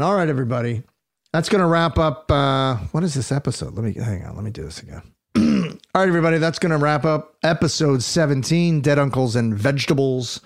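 A man hosting a relaxed podcast, chatty and quick to laugh. His voice is mid-pitched and sounds close and dry, with no room around it. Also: no echo. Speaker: podcast host. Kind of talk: casual chat.

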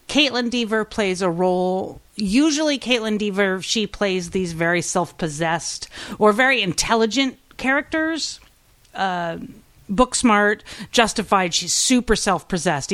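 A woman co-hosting a pop culture podcast, reviewing shows in a casual, enthusiastic and candid way, swearing freely. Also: fairly low pitch. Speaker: podcast co-host.

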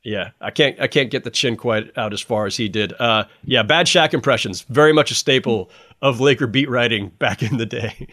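Casual sports-podcast guest, man, chatty, mid pitch, lots of restarts. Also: normal speed. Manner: animated, restarts often, laughs between points.

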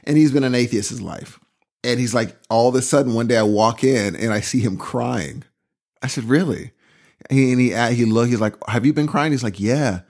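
A man co-hosting a podcast in casual chat, acting out dialogue with a rising voice. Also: moderate pace. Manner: lively, quotes dialogue with rising pitch.

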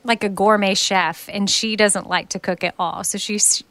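A woman's voice: medium pitch, fairly even intonation, normal speed, fairly bright tone, dry recording. A woman in her thirties hosting a podcast, chatting casually and laughing often. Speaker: podcast host. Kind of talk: casual chat.

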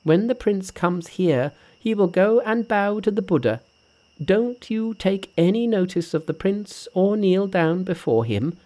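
A man doing Monkey, a brash high hero. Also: unhurried. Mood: boastful. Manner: brash and confident, lively. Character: boastful, cocky male monkey hero. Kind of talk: audiobook character voice.

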